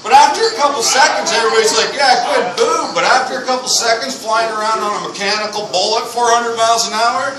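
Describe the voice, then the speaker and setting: A man's voice: very high-pitched, fast, few pauses, a crowd in the background. A man doing an unprepared stand-up routine in a bar, rambling and profane, laughing at his own jokes, with no microphone. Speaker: stand-up comedian. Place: bar room with a live audience. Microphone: no microphone, heard from a distant camera. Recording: echoey room, far from the mic, noisy.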